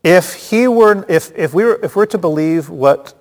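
A man's voice: sits high, lively intonation, moderate pace, a little mellow. A man teaching a casual Bible study, chatty and joking, with frequent restarts and asides. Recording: long hall reverb.

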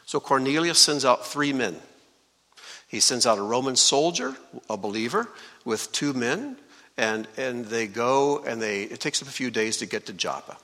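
A man's voice: medium pitch, normal speed. A man preaching a sermon, teaching from scripture and asking his listeners questions as he goes. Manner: lively, asks the congregation questions. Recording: long hall reverb.

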